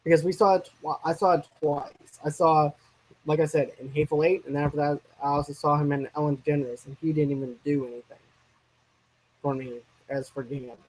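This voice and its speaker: On a low-quality recording, this co-host of a movie channel talks films at a slightly quick clip, his pitch a bit raised. The chat is easygoing but meandering, with stumbles, restarts, unfinished thoughts and returns to earlier points.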